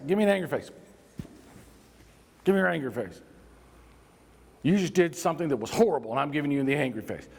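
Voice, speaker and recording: A man's voice: a little high, gravelly, a little hiss or hum. A man leading a workplace safety training session, talking conversationally and drawing the audience in with prompts and acted-out examples. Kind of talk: live training workshop talk. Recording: reverberant hall sound.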